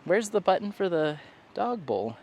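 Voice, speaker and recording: A man's voice: high voice, big pitch swings, a little slow, darkish tone, highs cut off, slight background noise. Chatty man vlogging outdoors in town. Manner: rambling, chatty, frequent fillers and laughs. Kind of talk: casual walking vlog.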